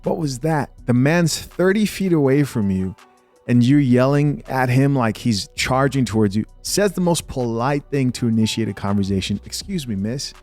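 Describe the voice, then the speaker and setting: A man hosts a reaction commentary in a blunt, slangy manner, sounding openly incredulous. His voice sits at an ordinary middle pitch. Soft music plays faintly underneath. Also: expressive, moderate pace. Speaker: host.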